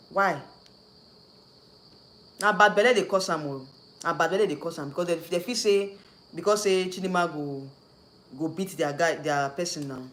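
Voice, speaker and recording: A man's voice: fairly high pitch, a bit bright. A man with a Nigerian accent hosting a casual livestream, rambling and repeating himself, slipping in and out of Nigerian Pidgin. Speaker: YouTube host.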